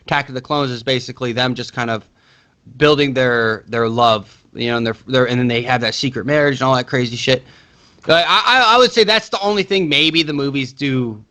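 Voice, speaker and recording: A man's voice: mid-range voice, sharp tone. A man co-hosting a casual movie podcast, rambling with frequent restarts and swearing. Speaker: podcast co-host.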